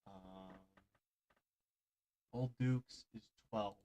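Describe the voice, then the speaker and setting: A man's voice: lowish voice, fairly even intonation, extremely slow, warm tone. Casual laid-back male dungeon master. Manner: casual, loose and laughing, with mild swearing. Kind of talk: running a tabletop game online.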